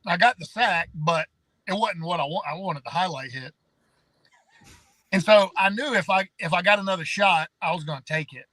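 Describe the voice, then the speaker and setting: A man's voice: high voice, moderate pace, sharp tone, dry recording, poor audio. A man telling his side of a story on a podcast, plainspoken and good-humored. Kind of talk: casual storytelling.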